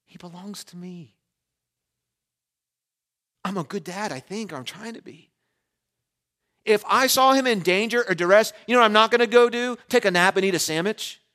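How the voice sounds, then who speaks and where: A man in his forties preaching a sermon as pastor, animated and shifting between loud emphasis and hushed asides, in a church. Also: high voice, moderate pace, long pauses. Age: 40s.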